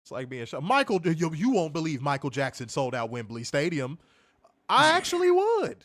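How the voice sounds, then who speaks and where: A man's voice: mid-range voice, fairly quick. A man co-hosting a wrestling review show, reading comments and ranting casually with plenty of profanity. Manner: animated, profane, laughing rants.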